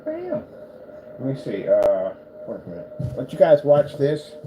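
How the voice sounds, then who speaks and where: A man's voice: mid-range voice, expressive, normal speed, lo-fi sound. A man who runs a small screen business, chatting casually in his workshop, preaching about faith and then cooing playfully at his cat. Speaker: projector screen business owner. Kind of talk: casual vlog chat. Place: indoor workshop with boxes and desk. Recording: noisy room background.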